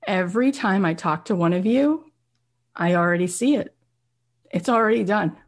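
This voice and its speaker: A woman with a mid-range voice hosts a podcast, speaking at a moderate pace. She gives an emphatic, animated motivational talk and often checks in with her listeners.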